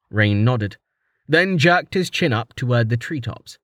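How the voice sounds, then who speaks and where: A man narrating a fantasy story in a steady, even storytelling manner. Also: mid-range voice, unhurried, no echo, studio quality. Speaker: audiobook narrator.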